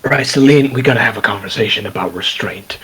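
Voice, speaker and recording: A man player joking around during a tabletop game with a drawn-out delivery. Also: lowish voice, a bit bright, husky, rough recording. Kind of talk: casual tabletop play.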